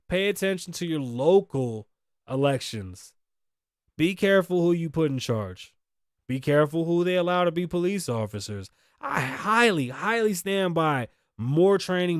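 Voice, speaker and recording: A man's voice: fairly high pitch, no echo, studio quality. A man hosting a podcast, giving blunt, indignant commentary on the news, swearing freely and acting out the lines of the people in the story. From Las Vegas. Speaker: podcast host.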